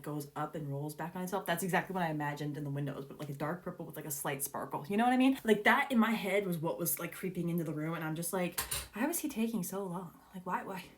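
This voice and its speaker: A young woman reacting to a book as she reads, gushing and giggly, teary with excitement, exclaiming often. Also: fairly low pitch. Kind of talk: excited reading reaction chat.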